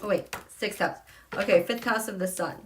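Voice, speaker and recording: A woman hosting a live tarot and astrology stream, excitable and gushing, swinging between loud exclamations and soft murmurs. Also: medium pitch, normal speed, slight background noise. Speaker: tarot and astrology channel host.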